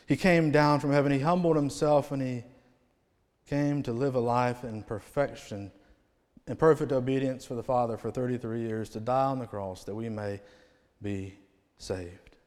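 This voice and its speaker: Man preaching with swelling and hushed lines. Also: mid-range voice, steady tone, measured pace. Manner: swings from loud proclamation to hushed, dropping phrase endings. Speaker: visiting revival preacher. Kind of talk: sermon. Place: church sanctuary. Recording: long hall reverb.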